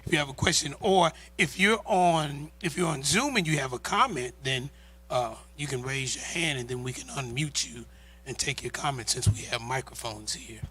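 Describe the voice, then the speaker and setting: A middle-aged male pastor co-hosting a marriage talk, speaking in a relaxed, joking way and often repeating his words. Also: medium pitch, moderate pace, a little hiss or hum. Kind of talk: casual chat. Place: church sanctuary.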